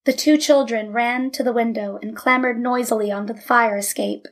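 A woman reading a story aloud in a measured, steady narration. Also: fairly high pitch. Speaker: audiobook narrator.

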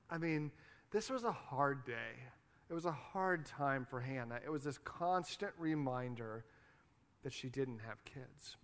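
A man's voice: medium pitch, animated, measured pace, fairly bright tone. Conversational Midwestern preacher, man. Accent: Midwestern American. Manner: conversational, playful asides. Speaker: pastor. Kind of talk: sermon.

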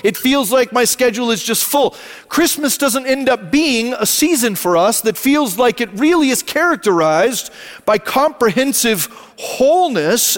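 A man, preaching a sermon in a church and telling a family story in an animated, conversational way. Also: extremely high pitch. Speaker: pastor. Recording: long reverb of a church hall.

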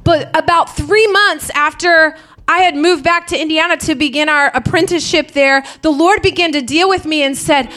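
A woman pastor delivers a sermon in a very high, bright voice. She speaks candidly and builds to fervent, impassioned prayer, with music playing softly behind her. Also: moderate pace.

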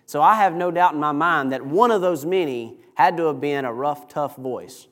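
A man preaching a sermon in a church, retelling a story in a lively, animated way. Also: a little high, moderate pace, long reverb tail. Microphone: microphone over PA.

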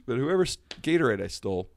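A man's voice: medium pitch, a little fast. A man telling a story in casual talk-show chat, slipping into comic voices. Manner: animated, does comic voices mid-story.

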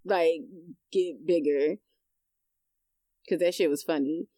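A woman's voice: sits low, takes it slowly, warm tone, no room sound. A woman co-hosting a podcast, talking bluntly and casually and swearing freely. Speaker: podcast co-host. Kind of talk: casual chat.

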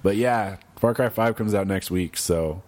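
Deep-voiced man, laid-back podcast host. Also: measured pace, darkish tone. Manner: laid-back, quips and groans. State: sick voice. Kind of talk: casual chat.

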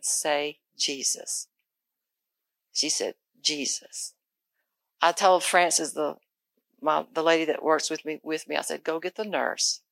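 A woman pastor telling a testimony in a sermon, going hushed and intense in the story, then lifting into preaching. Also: deep voice, creaky, no room sound.

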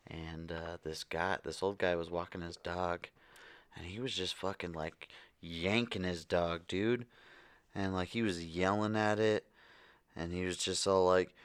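A man's voice: low voice, fairly even intonation, measured pace, smooth, dry recording. A young man co-hosting a podcast, telling a story in a laid-back, slangy way with plenty of swearing. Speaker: podcast co-host.

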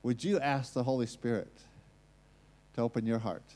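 An American man, serving as a guest preacher, delivers a sermon and leads prayer in a medium-pitched, warm voice with fairly even intonation at normal speed. He is earnest and builds to emphatic points, with long hall reverb on the recording.

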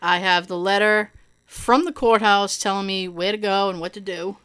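A woman telling a long personal story in casual chat, animated, swearing and laughing often. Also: mid-range voice, moderate pace, clear, resonant tone.

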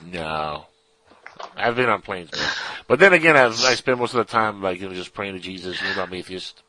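A man's voice: low-pitched, lively intonation, normal speed, sharp tone, no echo, rough recording. A man co-hosting a casual radio talk show, rambling and joking as he reads listener questions.

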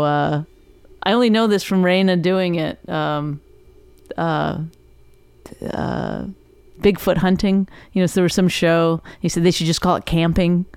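A woman's voice: on the low side, clean tone, no room sound. A middle-aged woman, a comedian guest on a podcast, chatting casually in a rambling way with frequent laughs. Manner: rambling, self-interrupting, laughs often. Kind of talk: casual chat.

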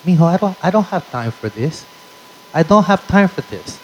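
A man's voice: on the high side, expressive, normal speed, muffled recording, a little hiss or hum, voice pushed up, close to an everyday voice. Man putting on a fiery Spanish-accented mom. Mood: exasperated. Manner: exasperated, swearing, switching into Spanish. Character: tough, frazzled middle-aged hairstylist mom.

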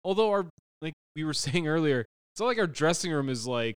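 A man's voice: on the high side, lively intonation, fairly quick, smooth, no echo, studio quality. A man co-hosting a casual sports podcast, rambling in a laid-back way and swearing casually. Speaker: podcast co-host.

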